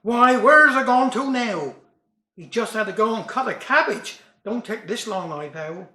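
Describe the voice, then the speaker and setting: Fussy old housewife in broad dialect, a man putting her on, high bright voice, echoey room. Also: lively intonation, a little slow, heavily acted. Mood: fussing. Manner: complaining, homely dialect. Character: fussing country housewife, older woman.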